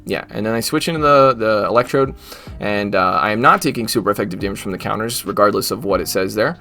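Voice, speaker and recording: A man's voice: lowish voice, animated, fast, sharp tone, soft background music. Joking man doing gameplay commentary. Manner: joking, mock trash talk at the game. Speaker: gaming YouTuber. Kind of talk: casual live gameplay commentary.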